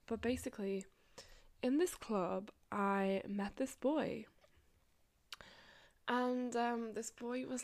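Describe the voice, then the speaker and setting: A woman's voice: on the high side, steady tone, slow pace, long pauses, a little mellow. Young woman, podcast host, casual storytelling, swears and laughs a lot. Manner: chatty, swearing, laughs often, many likes and asides.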